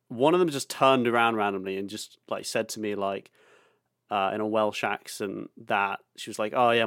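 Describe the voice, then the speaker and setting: A man's voice: on the low side, dry recording, studio quality. A man in his twenties, a podcast co-host, telling stories in a rambling, laughing, sweary and self-mocking way. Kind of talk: casual chat, storytelling.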